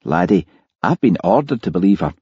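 Gloomy hard-drinking detective, snarling and self-pitying, read by a man, dark husky tone. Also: low-pitched, sing-song, brisk, no room sound, highs cut off, exaggerated voice. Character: gruff hard-drinking male Scottish detective, morose.

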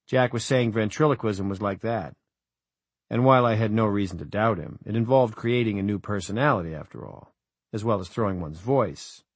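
Low-voiced man narrating an audiobook. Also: moderate pace, husky, no echo. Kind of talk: first-person audiobook narration.

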